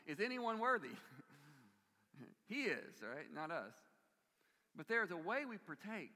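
A man delivers a sermon in a church sanctuary, earnest and emphatic, pressing hard on key words and then dropping to a quieter register. His voice is bright and forceful, sitting at an ordinary male pitch. A long reverb from the large hall trails behind every phrase. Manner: earnest, emphatic, swings between loud stress and quiet. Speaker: preacher.

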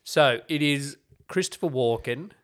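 Casting: male podcast co-host, mid-pitched, chatty and wry, casual TV review talk. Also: measured pace, a bit bright. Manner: chatty, explaining at length with wry asides. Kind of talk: casual chat reviewing TV shows.

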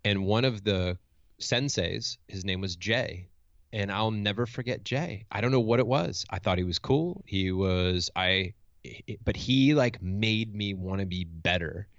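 A man's voice: on the low side, a little slow, fairly bright tone, no echo. A middle-aged man, a motivational speaker and coach, telling a personal story in conversation in a reflective, earnest way with frequent restarts, on a dull, dry lo-fi recording.

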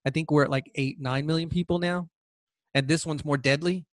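A man's voice: fairly high pitch, steady tone, fairly quick, no echo. Sarcastic man ranting on a podcast. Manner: combative, sarcastic, taunts imagined listeners. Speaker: podcast host. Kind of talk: political commentary monologue.

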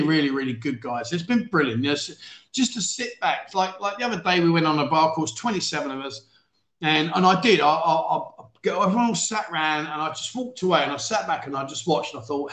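A man's voice: a little high, fairly bright tone, echoey room. A man from London with a faded London accent, hosting a casual livestream chat show, reading viewer comments and joking about himself. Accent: London English, faded. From England. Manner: chatty, self-deprecating, laughs often, mock-outraged bursts. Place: living in Thailand.

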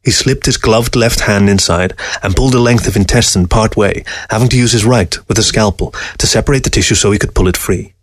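A man narrating a short story aloud in a calm, steady storytelling manner. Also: lowish voice, brisk, few pauses, no echo, studio quality. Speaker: story reader. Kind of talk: audiobook narration.

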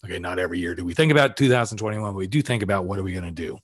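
A man's voice: deep voice, rapid-fire, breathy edge, no room sound, studio quality. A middle-aged man hosting his own podcast, coaching listeners through numbered steps in a casual, plainspoken way with the odd swear word. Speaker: podcast host, life coach. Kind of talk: solo podcast talk.

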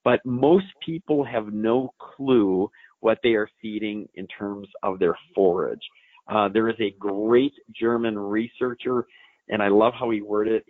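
Low-voiced man explaining over a phone line. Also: fairly even intonation, a little slow, no room sound. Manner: folksy, explanatory, lots of fillers. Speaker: equine science expert. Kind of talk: answering listener questions on a live show.

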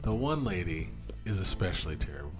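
A man's voice: low voice, brisk, music in the background. A man co-hosting a casual film review podcast, telling stories animatedly and laughing as he goes. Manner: animated storyteller, acts out scenes and laughs. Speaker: podcast co-host.

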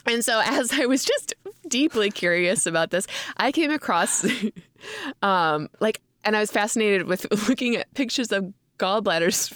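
A woman's voice: mid-range voice, fairly bright tone, no room sound, clean studio sound. A young adult woman co-hosting a podcast, telling a rambling story in casual chat with frequent laughs. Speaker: podcast co-host.

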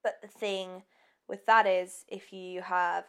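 A woman's voice: lowish voice, little pitch movement, takes it slowly, clean tone. Chatty woman telling a story. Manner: chatty, giggly storyteller with many ums. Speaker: podcast co-host. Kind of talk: casual true-crime chat.

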